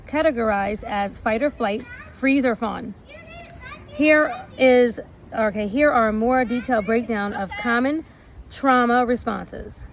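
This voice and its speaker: A woman recording a relationship vlog outdoors, reading out points slowly and adding chatty asides. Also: on the high side, rough recording. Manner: reads lists slowly, adds chatty asides. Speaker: relationship vlogger. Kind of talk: casual talk, reading points aloud. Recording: outdoor recording with noticeable background noise.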